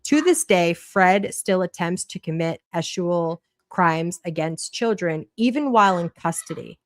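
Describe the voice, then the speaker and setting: Woman, Boston accent, low voice, dry close sound, casual livestream chat, blunt and profane. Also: lively intonation, unhurried, no room sound. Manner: chatty, blunt and profane, reading a document aloud. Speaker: livestream host.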